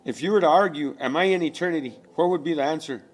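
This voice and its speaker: A man's voice: fairly high pitch, quick pace. A man delivering a rambling spiritual rant, profane and preachy, full of rhetorical questions.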